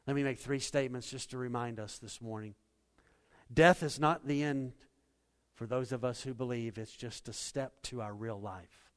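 A man preaching a sermon as a pastor, emphatic, swinging between loud declarations and quiet asides. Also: medium pitch, moderate pace. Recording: long reverb of a hall.

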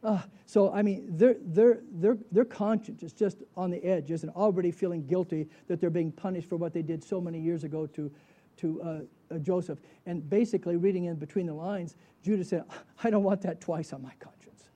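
A man teaching a sermon, animated and chuckling, who keeps putting rhetorical questions to his listeners. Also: sits high, a little fast. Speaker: Bible teacher.

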